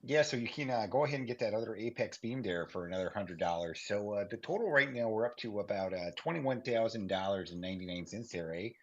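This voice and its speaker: Gravelly man doing folksy "you betcha" bits. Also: on the low side, lively intonation, quick pace, few pauses. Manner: mock folksy "you betcha, don't you know" patter. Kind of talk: joking group chat. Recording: dull lo-fi mic.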